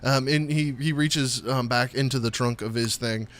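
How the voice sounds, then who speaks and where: A man narrating as game master in a tabletop game, halting and full of fillers as he describes the scene. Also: medium pitch, fairly even intonation, a bit bright.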